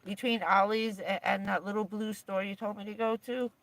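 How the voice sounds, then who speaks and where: A woman's voice: medium pitch, steady tone, normal speed, background noise. A woman livestreaming from inside her camper van, chatting casually and rambling along with lots of fillers and little laughs.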